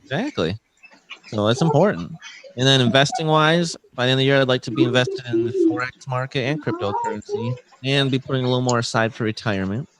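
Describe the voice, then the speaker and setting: A man's voice: medium pitch, very animated, fast, background noise. A man co-hosting a podcast, talking plainly about his goals in a casual, earnest way. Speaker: podcast co-host. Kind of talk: casual chat.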